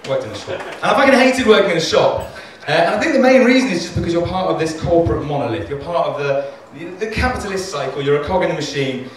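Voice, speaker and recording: A man performs stand-up at a comedy club, his voice on the high side as he rambles quickly and animatedly with few pauses, full of self-deprecation and swearing. It's an echoey room captured from far away, with slight background noise.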